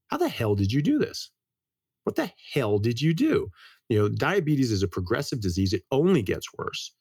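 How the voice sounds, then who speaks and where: Brief: American male doctor as guest, brisk and earnest, quick delivery, dry close sound. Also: lowish voice, a little mellow, no room sound. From United States. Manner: brisk, earnest, tells anecdotes. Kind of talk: casual interview explanation.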